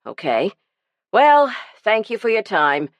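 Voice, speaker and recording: A woman's voice: mid-range voice, very animated, no room sound, muffled recording, pitched above the performer's own voice. A woman voicing an impatient male newspaper editor who talks curtly and in a hurry. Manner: curt, hurried.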